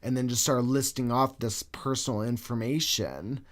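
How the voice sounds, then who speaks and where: A man co-hosting a podcast, telling a story in casual chat, animated and swearing freely. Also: medium pitch, moderate pace. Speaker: podcast co-host.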